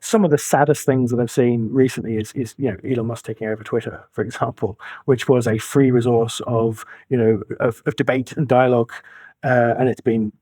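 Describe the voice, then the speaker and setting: A man's voice: medium pitch, steady tone, brisk, dark tone, no room sound. A man in his forties, a financial planner being interviewed, talking emphatically and reaching for colourful analogies. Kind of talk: conversational interview.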